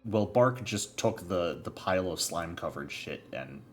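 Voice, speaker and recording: A man's voice: low voice, expressive, normal speed, faint music behind. A man running a tabletop game as game master, narrating in a laid-back way and teasing his players.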